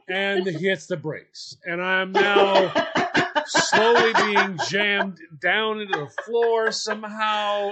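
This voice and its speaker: A man's voice: high voice, slow, background noise. A man hosting a podcast, telling a funny story in a casual way, acting out what people said and laughing as he talks. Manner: animated, acts out quoted voices, laughs while telling. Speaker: podcast host.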